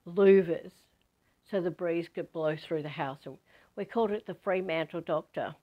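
An Australian woman over fifty from Western Australia, telling a personal spiritual story in an animated way. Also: lowish voice, normal speed, dull audio. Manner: animated, acts out quoted voices. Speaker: spiritual teacher.

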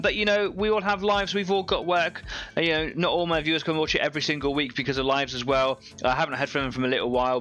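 A man's voice: medium pitch, bright, forceful tone. A man in his thirties hosting a live painting stream at his home hobby workbench, chatting in a rambling, friendly way with lots of asides. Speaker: host of a live painting show. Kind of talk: casual live-stream chat.

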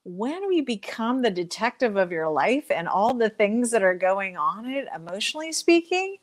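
High-voiced animated woman guest. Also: normal speed. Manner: animated, acts out inner voices in quotes. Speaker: guest speaker on joy and emotions. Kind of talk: conversational interview.

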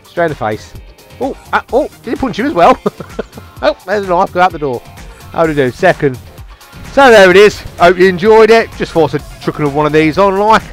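Excitable man yelping over gameplay. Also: high-pitched, brisk, faint music behind. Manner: excitable, taunting opponents, frequent swings from muttering to yelps. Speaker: gamer. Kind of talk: live gameplay commentary.

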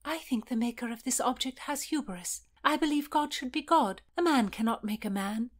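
A woman's voice: fairly high pitch, normal speed, pitched above the performer's own voice, lightly acted. A woman voicing a proud, courteous young noblewoman. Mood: polite. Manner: courteous, restrained. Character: proud young noblewoman, politely hiding her disdain. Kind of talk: storybook reading.

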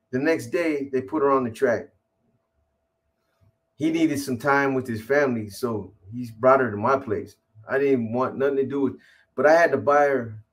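Guy rambling through a story, lots of cussing and restarts, street talk, middle pitched voice. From California. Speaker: guest telling a story. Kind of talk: casual storytelling.

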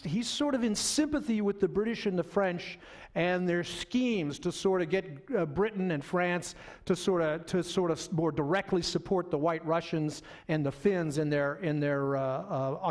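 A man's voice: high-pitched, moderate pace. A middle-aged man giving a history lecture in a loose, conversational way, with fillers and asides to the audience. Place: lecture hall.

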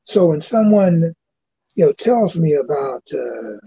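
Gravelly older man telling a story. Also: fairly high pitch, big pitch swings, mellow, dry recording. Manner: halting, frequent "you know". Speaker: guest. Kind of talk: personal storytelling. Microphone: webcast mic. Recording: dull lo-fi webcast audio.

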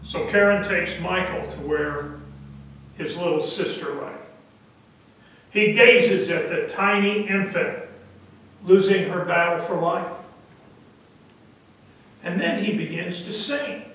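A man preaching who tells his story in a slow, deliberate way and pauses on a filler now and then. His voice sits fairly high. The sound carries a heavy church echo and comes from well back from the mic. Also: a bit bright, slight background noise. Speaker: pastor. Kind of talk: sermon storytelling. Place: church sanctuary. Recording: echoey church from a distance.

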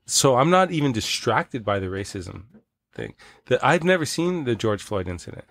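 A man from Canada, a podcast guest, telling stories in casual chat, swearing and animated. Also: mid-range voice, normal speed, vocal fry, no room sound. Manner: profane, animated storyteller.

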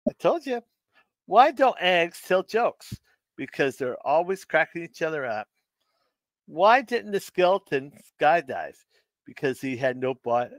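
Slow-talking man chuckling at his own puns. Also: a little high, dry recording. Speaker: live stream host telling jokes. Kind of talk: casual live stream joke telling.

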